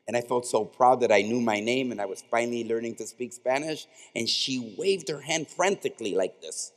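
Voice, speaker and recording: A man delivers a stirring graduation address, building his points through rhetorical repetition. His mid-pitched voice carries through a podium microphone, and a long reverb trails each phrase in the big arena. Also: normal speed. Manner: impassioned oratory with rhetorical repetition. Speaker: commencement speaker. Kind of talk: commencement speech. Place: large indoor arena at a graduation ceremony.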